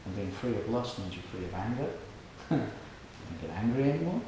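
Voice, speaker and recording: A man gives a spiritual talk in a loose, storytelling way, acting out the people in his stories. His pitch rises and falls a lot. The recording is very echoey and has a steady noise behind him. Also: fairly quick. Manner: storytelling, acts out quoted people, laughs along with audience. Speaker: lecturer at a temple. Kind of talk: informal spiritual lecture with anecdotes. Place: hall with an audience. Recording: very echoey room, noisy background.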